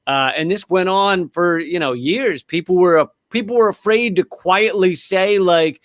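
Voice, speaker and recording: Quick, anecdotal male comedian guest. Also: high voice, no echo, studio quality. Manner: rapid, storytelling, loose. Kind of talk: casual anecdotal chat.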